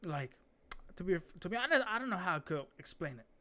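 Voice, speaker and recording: An excitable young man talks through a reaction video in a loose, rambling way. He often loses his thread and starts over. His voice sits a little high for a man. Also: fast. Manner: excitable, rambling, trails off and restarts. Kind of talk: casual reaction commentary.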